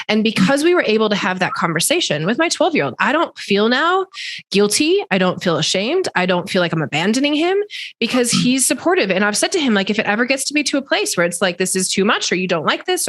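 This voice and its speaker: A woman's voice: fairly high pitch, fairly bright tone, no echo. A middle-aged woman hosting a podcast, telling stories in an enthusiastic, chatty way with frequent laughs. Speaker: podcast host. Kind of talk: casual podcast conversation.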